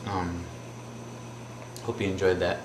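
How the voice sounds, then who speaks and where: A man's voice: low-pitched, little pitch movement, takes it slowly, background noise. Rambling man telling a story in an echoey room. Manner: rambling, loose, with filler words. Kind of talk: casual anecdote telling.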